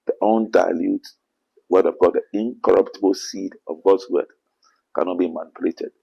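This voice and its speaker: A man's voice: deep voice, fairly even intonation, normal speed, gravelly, warm tone, slightly rough, lo-fi sound. A man with a Ghanaian accent, an apostle answering interview questions in an earnest preaching manner, often quoting scripture. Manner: earnest, quotes scripture, rising to emphatic bursts.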